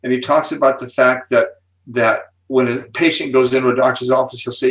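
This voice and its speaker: A man in his seventies, a guest speaker on psychology, explaining with animated enthusiasm and building suspense before each point. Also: mid-range voice, brisk, recorded from a distance, poor audio. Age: 70s.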